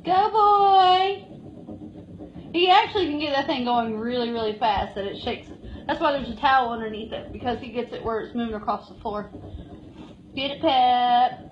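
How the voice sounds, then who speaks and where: High-voiced woman cooing at shelter cats. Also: darkish tone, highs cut off, slight background noise. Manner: coos and baby-talks to cats. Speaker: cat shelter tour guide. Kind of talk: live-streamed shelter tour. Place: indoor cat shelter.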